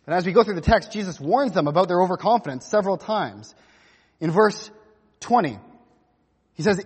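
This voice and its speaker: A man's voice: high-pitched, moderate pace, pauses often, slightly rough, long reverb tail. A man preaching a sermon, telling the story vividly and acting out the quotes. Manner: animated storytelling, acts out quotes. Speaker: pastor.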